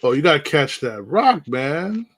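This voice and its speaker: A man co-hosting a podcast in casual chat, bluntly chiming in with quick agreements and laughter. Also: fairly high pitch, big pitch swings, fairly bright tone, no room sound. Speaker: podcast co-host.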